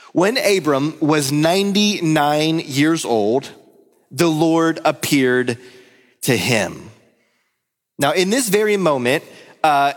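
A man in his thirties, a pastor giving a conversational sermon to his church and telling stories. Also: on the high side. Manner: storytelling, lively and conversational. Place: church hall. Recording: long hall reverb.

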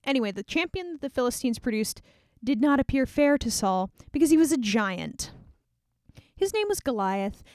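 A woman's voice: fairly high pitch, no echo, studio quality. A woman casually retelling a Bible story in a chatty way, with frequent fillers and small laughs.

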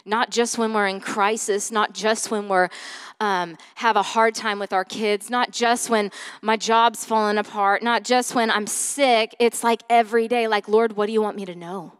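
In a large hall, a woman pastor with a medium-pitched, clean voice preaches at a moderate pace with fairly even intonation. Her sermon unfolds as chatty storytelling packed with fillers, and she swings from loud delivery to soft whispered asides now and then.

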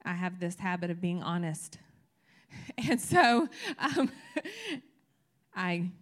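A woman's voice: lowish voice, lively intonation, extremely slow. Woman preacher, casual and candid delivery, builds to emphatic peaks, talks straight to the congregation. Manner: candid, chatty, emphatic with rising energy. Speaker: church teacher. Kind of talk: conversational sermon.

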